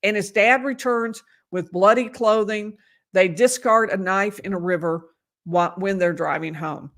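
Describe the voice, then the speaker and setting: Speaking a little slowly, with a mid-range voice and fairly even intonation, a woman lawyer gives casual live commentary on a court case. Hoarse and fading, she frequently restarts and breaks in with emphatic asides.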